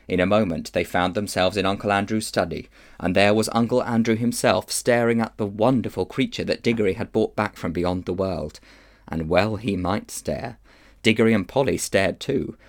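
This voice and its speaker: A man reading a children's novel aloud in an expressive storytelling manner. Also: lowish voice. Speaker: children's book reader.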